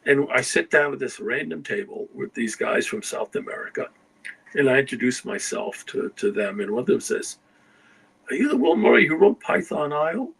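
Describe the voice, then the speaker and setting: An older guest writer tells rambling, casual anecdotes, frequently checking in with "you know" and "okay?". His fairly high, sing-song voice is creaky, a bit bright and breathy, at a moderate pace, and the audio is poor.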